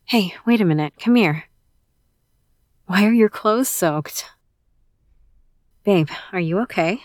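A woman performing a romantic audio role-play, speaking softly and intimately to a listener, bossy at times and doting at others. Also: mid-range voice, slow, dry recording, studio quality.

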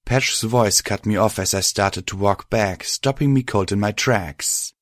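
A man reading a first-person story aloud in a steady, measured way. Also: lowish voice, dry recording, studio quality. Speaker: reader. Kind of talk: first-person fan fiction audiobook narration.

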